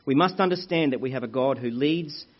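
Husky-voiced male preacher, lo-fi recording. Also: mid-range voice, brisk. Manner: earnest, addresses congregation as brethren, tells anecdotes. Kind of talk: sermon. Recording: muffled lo-fi recording.

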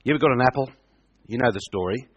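A man's voice: medium pitch, fast, breathy edge, dull audio. A middle-aged man preaching a sermon. He hammers his points home by repeating them and keeps asking his listeners questions. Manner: emphatic, repeats points, asks the audience questions.

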